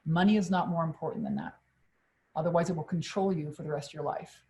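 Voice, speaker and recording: A middle-aged woman coach on a live stream, telling a personal story in an animated, blunt way and swearing freely. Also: sits low, fast talker. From Quebec, Canada.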